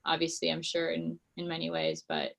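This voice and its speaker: A woman hosts an interview conversation, gently prompting her guests with supportive questions. Her low voice has a gravelly edge. Her pitch moves in a lively way. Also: moderate pace. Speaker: host.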